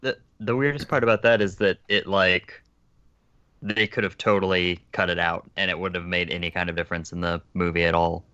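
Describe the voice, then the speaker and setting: A man's voice: deep voice, steady tone, brisk, pushed and bright, clean tone, dry recording. A man co-hosting a podcast, dropping wry joking asides. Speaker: podcast co-host. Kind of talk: casual film-review chat. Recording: slightly dull, lo-fi mic.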